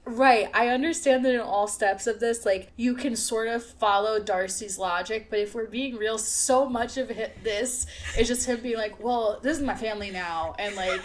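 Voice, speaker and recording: A woman's voice: on the high side, steady tone, normal speed, few pauses. A woman co-hosting a podcast in casual chat, joking and laughing often, with silly put-on voices for the characters. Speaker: podcast co-host.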